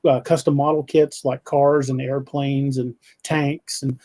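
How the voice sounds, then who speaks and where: A man's voice: medium pitch, flat delivery, unhurried, mellow. A man hosting a live podcast, chatting casually and rambling with frequent restarts while he reads viewer comments. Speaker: podcast host.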